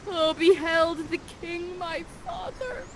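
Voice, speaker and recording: A woman voicing a young male prince who speaks slowly and tearfully, overwrought. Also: extremely high pitch, expressive, slight background noise, voice pushed up, full character voice.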